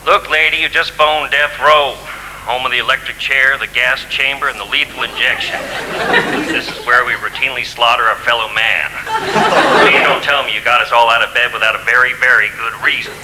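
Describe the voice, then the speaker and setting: A man's voice: mid-range voice, fairly even intonation, a little fast, over a noisy crowd, heavy background noise, close to an everyday voice. An actor playing a blunt, sarcastic male Death Row officer with an American accent, in a 1990s TV sitcom. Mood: sardonic.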